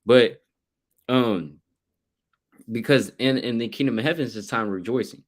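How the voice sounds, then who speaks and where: A man's voice: medium pitch, normal speed. A man joining a scripture discussion, answering with casual agreement and adding his own points. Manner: casual, affirming interjections. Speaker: co-teacher.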